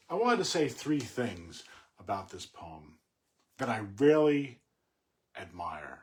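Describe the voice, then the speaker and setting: A middle-aged man talking casually about a poem he admires, thoughtful and halting, with many fillers and restarts. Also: medium pitch, sing-song. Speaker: poet discussing a poem. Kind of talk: casual spoken commentary on poetry.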